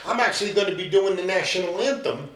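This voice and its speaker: A man's voice: high-pitched, fast, fairly bright tone. Upbeat man in an echoey room. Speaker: actor guest. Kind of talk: casual podcast chat.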